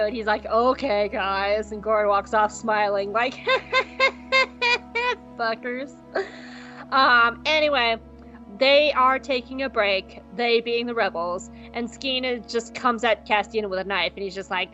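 A woman with a fairly high voice recaps a show episode on a podcast, loose and profane, jumping into quick impressions of the characters as she goes. The audio is slightly dull and lo-fi, with faint music underneath. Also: a bit bright. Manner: playful and profane, acting out characters' lines in quick bits. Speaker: podcast co-host.

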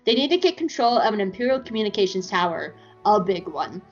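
A woman's voice: medium pitch, very animated, quick pace, highs cut off, soft background music. A woman podcast co-host chatting casually through an episode recap, giggly and swearing freely.

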